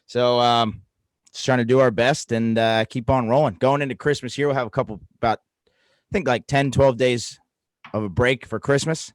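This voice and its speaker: A man's voice: medium pitch, fairly even intonation, normal speed, no room sound. A man co-hosting a podcast over a call, easygoing and rambling with fillers and the odd swear. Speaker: podcast co-host, coach. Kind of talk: casual chat over video call. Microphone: video call setup.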